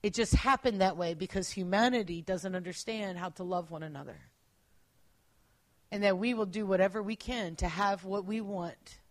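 A woman preacher delivers an earnest sermon in a medium-pitched voice, sometimes dropping into quiet emphasis and correcting herself as she speaks. There's no echo.

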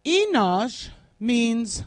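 A woman leads a Bible class at a slow, unhurried pace, setting out each word's meaning one at a time. Her voice is recorded close and dry, with almost no room sound. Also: fairly high pitch, very animated, no room sound. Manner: deliberate, spells out word meanings one by one. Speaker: Bible study teacher. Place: classroom, writing on a board.

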